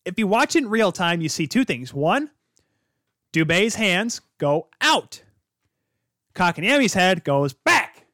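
A man hosting a hockey podcast, rambling excitedly and calling his viewers kids. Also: high voice, slow, pauses often, dry recording, clean studio sound. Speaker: podcast host. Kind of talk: casual hockey talk.

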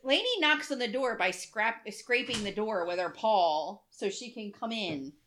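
A woman chatting casually as a podcast co-host, an animated storyteller who laughs often and acts out what people said. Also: a little slow, noisy background. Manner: acts out quotes in big high voices. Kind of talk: casual chat.

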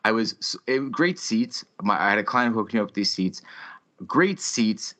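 A man's voice: lowish voice, sing-song, moderate pace, bright, forceful tone. A man in his thirties hosting a podcast, telling a story in casual chat with heavy swearing and exaggerated ranting. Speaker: podcast host. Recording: slightly muffled lo-fi audio.

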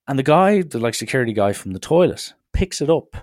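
A young Irish man hosting a podcast, telling a story in an animated way, swearing freely. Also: medium pitch, fairly quick, no room sound, studio quality. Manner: animated, swears, acts out others' lines. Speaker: podcast host. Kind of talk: casual storytelling monologue.

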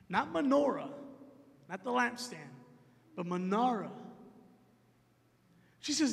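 High-voiced preacher in an echoing hall. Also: male voice, normal speed, creaky, long pauses. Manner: animated, acts out both sides of conversations. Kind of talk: sermon storytelling.

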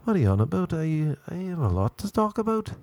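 A blunt, deadpan young Belfast man speaks in a put-on Belfast accent, as a man puts him on. He is pitched well above the performer's own low voice, with a gravelly edge and a mellow tone. His lines come out flat, clipped and mock-indignant. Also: fairly quick, no room sound.

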